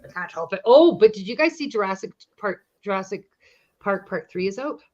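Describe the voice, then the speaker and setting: A woman's voice: mid-range voice, lively intonation, a little fast, a little mellow, lo-fi sound. A woman co-hosting a livestream in casual chat, joking and teasing in a crude way over a computer mic on a video call. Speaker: livestream co-host.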